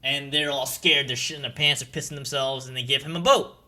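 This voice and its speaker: A man's voice: medium pitch, fairly even intonation, a little fast, bright, forceful tone, a little hiss or hum. A man narrating a casual anime recap in a profane, rambling way, full of ums and likes.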